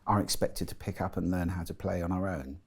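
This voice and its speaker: A man's voice: sits low, fairly even intonation, a little fast, creaky, breathy edge. A middle-aged man, a guest in an interview, explaining articulately and with enthusiasm. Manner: articulate and enthusiastic, demonstrates voices while explaining. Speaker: guest, voice and sound expert.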